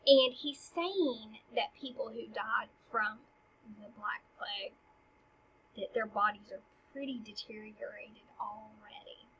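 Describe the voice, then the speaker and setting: A woman's voice: on the high side, fairly bright tone, lo-fi sound, a little hiss or hum. A woman teacher explaining a play in casual language, paraphrasing each line into plain modern talk.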